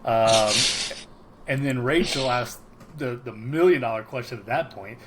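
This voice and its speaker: A man's voice: mid-range voice, a little slow, background noise. A man co-hosting a podcast, casually recapping a sitcom episode, rambling with many ums and frequent laughs. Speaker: podcast co-host.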